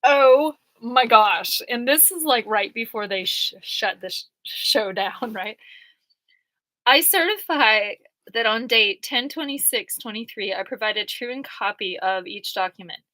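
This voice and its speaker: A woman's voice: on the high side, expressive, a little slow, bright, forceful tone, dry recording, rough recording. A woman rambling casually over her court papers, chatty, laughing often and full of "like" fillers. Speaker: vlogger going through court papers.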